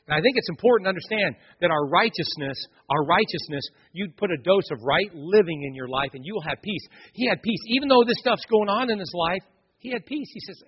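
Speaking directly to his congregation, a pastor with a high, breathy voice delivers an emphatic, story-filled sermon. The recording is dull and lo-fi, with hall echo.

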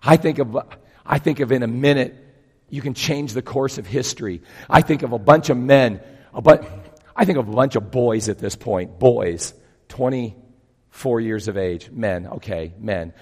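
A man in his fifties preaching a sermon, telling stories with acted-out voices and swinging between loud bursts and hushed lines. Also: mid-range voice, normal speed, slightly rough. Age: 50s. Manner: animated storytelling, acting out voices, big swings from loud to hushed. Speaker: pastor. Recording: long hall reverb.

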